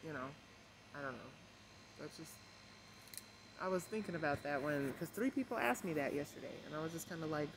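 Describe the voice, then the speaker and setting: A stressed, emotional woman vlogging at home, rambling softly with many fillers and keeping her voice low. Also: animated. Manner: rambling, many fillers, kept deliberately quiet. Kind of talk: casual rambling vlog chat. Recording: noisy home recording.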